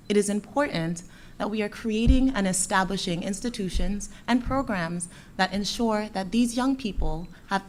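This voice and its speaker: A young woman from Dominica giving a lively, playful speech to schoolchildren at a closing ceremony. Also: mid-range voice, a little hiss or hum. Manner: lively, playful with the children, warm encouraging. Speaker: guest speaker from a bank.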